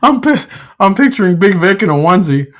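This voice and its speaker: Male stream host, lively pitch, fairly high voice, giggly and profane, casual chat from a home whiskey room. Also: a little fast. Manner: laughs a lot, swears casually, reads chat aloud.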